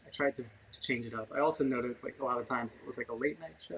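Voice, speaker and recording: A man's voice: medium pitch, fast, vocal fry, hardly any pauses, fairly bright tone. A man co-hosting a podcast in casual chat, rambling along with lots of fillers. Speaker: podcast co-host. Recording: muffled lo-fi audio with faint noise.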